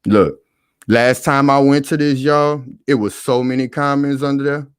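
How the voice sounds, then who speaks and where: A man's voice: mid-range voice, fairly even intonation, normal speed, clean tone, dry recording, clean studio sound. A man hosting a live stream and talking casually, preaching and calling out to his viewers again and again.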